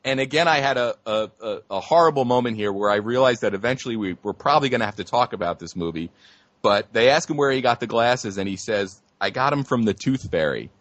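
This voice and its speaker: A man co-hosting a casual movie review podcast, enthusiastic and quick to chuckle along. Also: mid-range voice, fairly bright tone. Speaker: podcast co-host.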